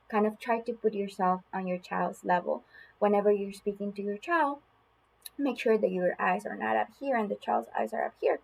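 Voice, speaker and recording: A woman showing how to read a picture book aloud to a toddler, in an expressive sing-song way with gasps, then giving tips to parents. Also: medium pitch, creaky, slight background noise, rough recording.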